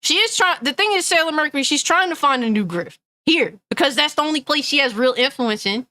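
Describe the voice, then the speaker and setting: A woman's voice: sits high, expressive, a little fast, pushed and bright, dry recording. A woman gaming news streamer ranting angrily and bluntly, swearing often and reading chat comments aloud. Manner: angry, profane, blunt.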